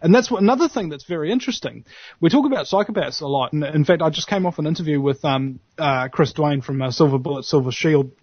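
A man from New Zealand with a New Zealand accent, chatting casually as a guest in an animated, slangy way. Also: on the high side, fast talker, breathy edge, no room sound, highs cut off. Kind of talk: casual chat.

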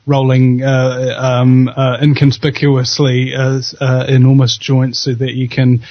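A man's voice: mid-range voice, monotone, unhurried, dry recording, dull audio. A man hosting a radio show, chatting casually and jokily, rambling with stammered restarts. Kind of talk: casual podcast chat.

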